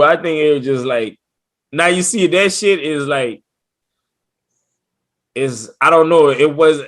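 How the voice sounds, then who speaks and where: A man's voice: medium pitch, fairly bright tone. A man co-hosting a casual podcast, giving his take on a show in a laid-back, slangy, rambling way. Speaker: podcast co-host.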